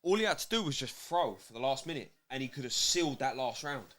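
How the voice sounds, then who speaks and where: A man's voice: medium pitch, animated, fast, fairly bright tone. A man with a British accent, breaking down a boxing bout in casual, sweary commentary. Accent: British English. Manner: analytical, blunt, sweary. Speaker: co-host, boxing pundit. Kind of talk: casual fight commentary chat.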